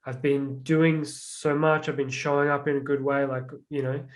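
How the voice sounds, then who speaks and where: A man's voice: mid-range voice, level tone, moderate pace. A man telling personal stories about emotional pain in a reflective, casual way, with many "like" fillers. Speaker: guest. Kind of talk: casual conversation.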